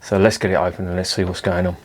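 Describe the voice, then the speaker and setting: A man's voice: low voice, level tone, fast talker, over music. Chatty, swearing man reviewing beer. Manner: chatty, swears freely, self-mocking. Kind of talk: casual beer review vlog. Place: indoors at home with curtains drawn.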